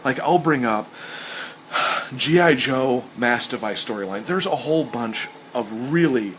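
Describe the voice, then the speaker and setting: A man chats casually as host in a rambling, enthusiastic way, his voice sitting at an ordinary middle pitch. He keeps acting out the lines he quotes. A faint hiss stays behind him. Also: lively intonation, unhurried, a bit bright, low-quality recording. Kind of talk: casual chat while sketching.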